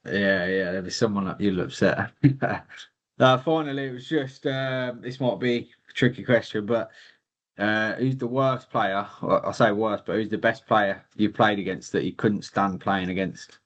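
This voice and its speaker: A man's voice: lowish voice, moderate pace, fairly bright tone. Easygoing podcast host man, slightly dull sound. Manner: easygoing, laughs along, hesitant fillers. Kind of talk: casual interview questions.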